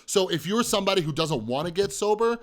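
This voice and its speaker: This is a man in his thirties telling his own story on camera, blunt and profane. His voice sits a little high for a man. He hammers points home with repetition and keeps turning to the listener with rhetorical questions. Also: lively intonation, fast. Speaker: mental health vlogger. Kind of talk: candid personal storytelling.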